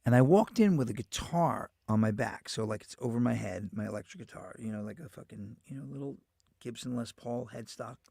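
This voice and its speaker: A man's voice: medium pitch, fairly quick, creaky, mellow, husky, no room sound, studio quality. A male show host with a New York accent, rambling through a profane, casual monologue full of restarts.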